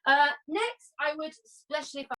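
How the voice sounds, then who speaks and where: A woman's voice: sits high, animated, normal speed, fairly bright tone, recorded from a distance, low-quality recording. A British woman coaching singers through a masterclass, chatty and often checking in with "yeah?" and "okay?". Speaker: vocal coach. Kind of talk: singing masterclass teaching.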